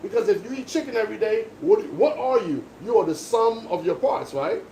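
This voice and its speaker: A man's voice: sits high, big pitch swings, brisk, creaky, dark tone, recorded from a distance. A man talking casually while he works as a barber, speaking in an emphatic, lecturing monologue. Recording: echoey room with background noise.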